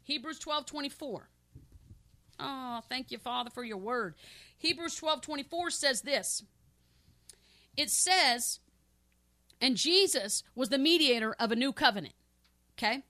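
A woman preaching a sermon with fervent, repetitive emphasis, swinging between loud exclamations and soft pleading prayer. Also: high-pitched, no room sound, clean studio sound. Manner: fervent, repetitive, addresses listeners as saints.

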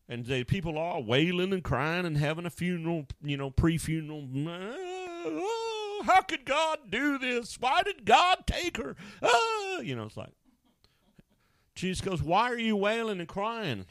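A man preaching a sermon, animated, acting out Bible scenes and now and then jumping into high wailing voices. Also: no echo, studio quality.

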